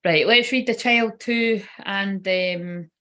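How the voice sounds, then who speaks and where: A woman's voice: mid-range voice, takes it slowly, fairly bright tone. A woman giving a casual, rambling livestream tarot reading, swearing freely and feeling unwell and tired. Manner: chatty, swearing, rambling asides. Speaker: tarot card reader.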